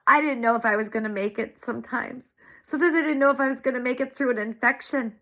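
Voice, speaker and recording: Talking quickly in a fairly high, sharp-toned voice, a woman in her forties who runs a small business tells her personal story. The monologue is sincere and full of feeling, with repeated phrases for emphasis and moments where she's teary-eyed.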